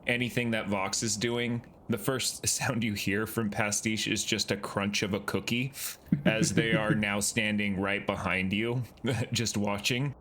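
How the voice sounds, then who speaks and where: A man's voice: fairly low pitch, little pitch movement, measured pace, fairly bright tone, slight background noise. A man playing a tabletop game, chatty and playful, tossing out questions. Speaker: player. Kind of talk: casual tabletop role-play.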